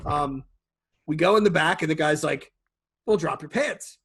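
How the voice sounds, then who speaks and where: Animated, husky-voiced man. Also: on the high side, moderate pace. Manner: animated storyteller, laughs often, profane. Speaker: podcast co-host. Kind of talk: casual chat.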